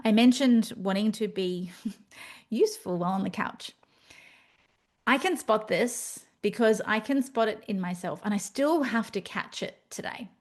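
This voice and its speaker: A woman's voice: medium pitch, a little slow. A woman hosting a solo podcast, talking candidly and animatedly, with playful asides. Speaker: podcast host. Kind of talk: reflective solo podcast monologue.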